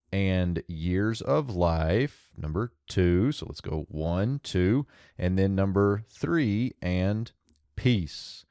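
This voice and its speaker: A man's voice: low voice, a little mellow, no room sound, clean studio sound. A man teaching Biblical Hebrew, walking through a verse's grammar step by step and thinking aloud with small restarts.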